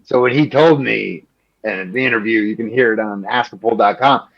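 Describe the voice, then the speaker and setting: A man from Chicago, a journalist answering interview questions in an animated, quick way, full of "like" and little acted-out quotes. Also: on the low side, creaky. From Chicago, Illinois. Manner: animated, quick, peppered with "like", acts out quoted politicians. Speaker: journalist guest. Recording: slightly muffled lo-fi audio.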